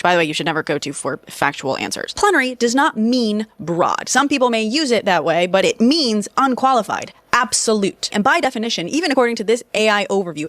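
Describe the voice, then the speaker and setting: A woman commenting on politics at a fast clip, her voice dry and close to the mic. She explains point by point and drops wry asides along the way. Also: mid-range voice, a bit bright, no echo. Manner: brisk, explanatory, sardonic asides. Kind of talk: reaction commentary.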